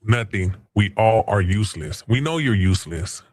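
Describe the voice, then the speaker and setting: Brief: livestream host, male, low voice, mocking trash talk, swears freely. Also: animated, moderate pace, no room sound. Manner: taunting, trash-talking chat users; crude, profane slang. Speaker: stream host. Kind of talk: casual livestream chat.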